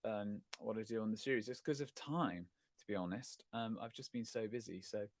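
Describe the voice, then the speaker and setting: A man's voice: on the low side, fairly quick, no echo. A middle-aged man hosts a casual livestream chat, answering viewer questions in a rambling, self-correcting, self-deprecating way. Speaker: host of a live chat stream.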